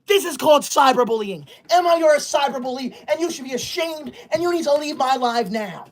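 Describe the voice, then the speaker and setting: A man's voice: very high voice, lively intonation, brisk. A man playing a touchy, self-righteous teacher's-pet boy livestreamer who scolds and bans his viewers in melodramatic outbursts. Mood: indignant. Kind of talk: comedic character skit.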